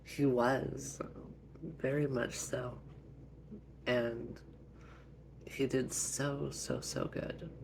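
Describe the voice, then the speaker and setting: Man, storyteller, gravelly voice, slow, gentle, faint background noise. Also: mid-range voice, flat delivery. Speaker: storyteller and father. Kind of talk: family role-play storytelling.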